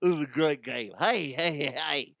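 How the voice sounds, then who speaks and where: A giddy, loopy sports announcer, as a man puts him on, rambling and swearing in a voice pushed higher than usual. The delivery is bright and punchy, recorded dry and close. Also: normal speed, vocal fry, no room sound.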